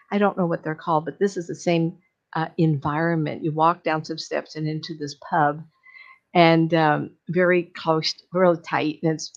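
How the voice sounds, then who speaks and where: A woman's voice: deep voice, creaky, lo-fi sound. A middle-aged woman, a psychic medium, retelling a film in an enthusiastic, rambling way with many fillers.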